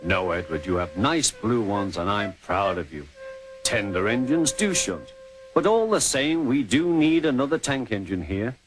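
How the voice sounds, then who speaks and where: A man's voice: lowish voice, big pitch swings, music in the background. A man voicing a fussy, commanding railway director in a storybook reading. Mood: brisk. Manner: brisk, commanding.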